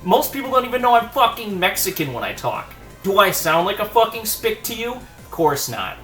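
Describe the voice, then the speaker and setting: Casting: bright, high-pitched man, swearing hard in a contemptuous monologue, echoey room, light music underneath. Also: very animated, moderate pace. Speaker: video essay host. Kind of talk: profane heated rant. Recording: roomy echo with faint music.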